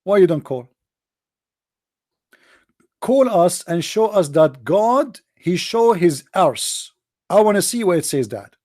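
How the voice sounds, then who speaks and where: Brief: male debate streamer, higher-pitched, mocking and confrontational, dry close sound. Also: lively intonation, takes it slowly, pauses often, darkish tone, dry recording. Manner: sarcastic, taunting, direct address to opponents. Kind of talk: mocking live-stream polemic.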